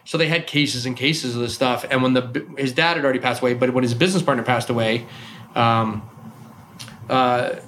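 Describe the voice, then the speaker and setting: A man talks quickly in a loose, chatty way, winding through long anecdotes and often circling back mid-sentence. His pitch sits in an ordinary middle range, and a faint hiss runs under the recording. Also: fairly even intonation, a bit bright. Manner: rambling storyteller, trailing off and restarting. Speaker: bar owner and whiskey collector. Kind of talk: casual chat.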